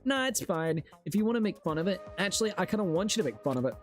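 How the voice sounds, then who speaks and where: Man doing a high teasing schoolgirl voice, bright and bouncy, playful teen gunslinger, storybook reading. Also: sing-song, racing, soft background music.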